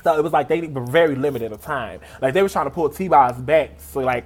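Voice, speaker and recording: A man telling an excited personal story on his vlog, gushing and animated and speaking straight to his viewers. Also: fairly quick. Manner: animated and gushing, big pitch swings, talks straight to viewers. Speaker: vlogger.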